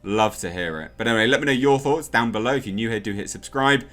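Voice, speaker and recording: A man's voice: on the low side, quick pace, a bit bright, faint music behind. A man reviewing a TV episode in a casual, sarcastic and exasperated rant.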